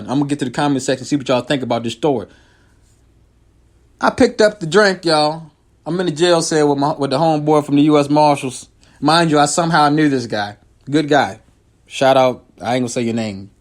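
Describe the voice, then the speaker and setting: Casual and animated, a comedian and show host tells his viewers about something from his own life. He keeps jumping between loud, high-pitched outbursts and quiet, low-voiced asides.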